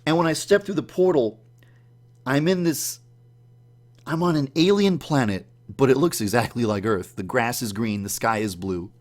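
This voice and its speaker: Man animatedly recounting a dream. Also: normal speed. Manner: animated, acts out his own startled reactions in a higher voice. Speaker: YouTube channel host. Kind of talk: casual storytelling, recounting a dream.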